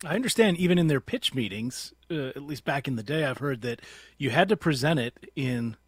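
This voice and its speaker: A man hosting a public radio call-in show, relaxed and friendly as he banters and takes calls. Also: mid-range voice, brisk, breathy edge, no room sound, clean studio sound.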